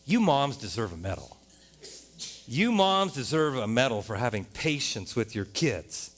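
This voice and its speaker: A man with an American accent preaching a sermon as a pastor in a church, animated, often rising to loud exclamations and playful rhymes. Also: mid-range voice, unhurried. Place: church sanctuary.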